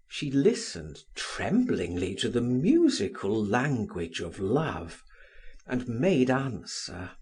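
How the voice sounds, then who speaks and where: A man narrates a classic novel for an audiobook. His delivery is slow and unhurried, the tone airy and breathy, and his pitch rises and falls dramatically across each line. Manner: slow, very expressive reading, voicing the dialogue.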